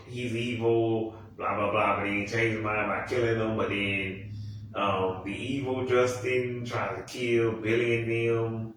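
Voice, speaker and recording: Young man, casual profane rant, rambling and exasperated; heavy room echo, sits well back from the mic. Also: a bit bright. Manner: profane, rambling, exasperated, with sudden high-pitched outbursts. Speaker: TV commentator. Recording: very echoey room, voice from far off the mic.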